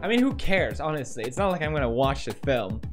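A man's voice: medium pitch, animated, a little fast, music in the background. A young man hosting a comedic meme-reaction show, exclaiming, laughing and mock-outraged as he reacts. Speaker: host.

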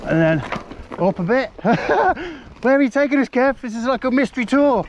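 A man's voice: extremely high pitch, lively intonation, moderate pace. A man filming his mountain bike ride on a helmet camera, exclaiming and laughing as he goes. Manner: exclaiming and laughing, breathless bursts. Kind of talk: excited ride commentary. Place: outdoors on a wooded hill trail. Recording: muffled helmet-cam audio with wind and trail noise.

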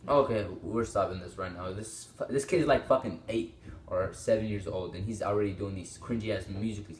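Teen male reaction host, exclaims and rambles, low-ish voice in a roomy space. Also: a little fast, slight background noise. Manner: rambling, exclaiming, swearing often. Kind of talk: casual reaction commentary. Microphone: small desktop microphone.

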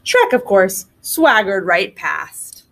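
A woman teacher reading a picture book aloud to children with expressive storytelling. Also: mid-range voice, takes it slowly, creaky.

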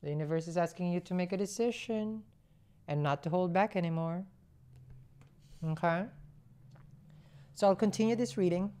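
A woman's voice: fairly low pitch, normal speed, long pauses, mellow, clean tone. A woman giving a tarot reading in a chatty way, humming as she thinks and asking rhetorical questions. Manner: conversational, rhetorical questions, musing hums. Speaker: tarot reader.

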